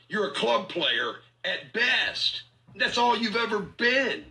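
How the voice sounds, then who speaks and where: A man's voice: high voice, sharp tone, low-quality recording. A man ranting at a rival in a mocking, profane, confrontational way, repeating himself as he taunts. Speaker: online commentator in a feud. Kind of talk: confrontational rant.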